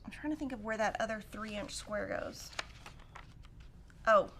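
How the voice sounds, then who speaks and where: A woman's voice: medium pitch, a little slow, a bit bright, slight background noise. A middle-aged woman hosting a quilting livestream, chatting and telling stories while she cuts fabric and thinks aloud through the math. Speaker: quilting show host. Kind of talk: casual chat while cutting fabric.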